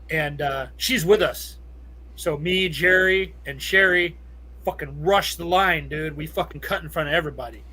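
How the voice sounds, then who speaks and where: A man's voice: a little high, sharp tone. A middle-aged man from Southern California telling a rambling, profane story as a podcast guest, laughing often. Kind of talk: casual storytelling.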